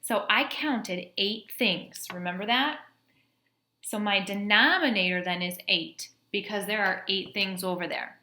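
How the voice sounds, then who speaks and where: A woman teacher speaks in an unhurried, sharp-toned, medium-pitched voice, patiently leading students through math by counting aloud one step at a time. This classroom lesson video was recorded in an echoey space.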